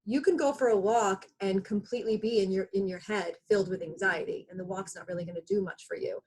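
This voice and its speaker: A woman's voice: medium pitch, fairly even intonation, quick pace, darkish tone, husky. A woman co-hosting a casual chat on a video call, talking reflectively with many fillers and restarts.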